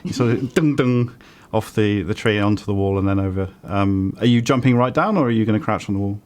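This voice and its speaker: A British man running a tabletop game as dungeon master, relaxed and chatty with lots of ums and easy laughs. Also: fairly low pitch, fast.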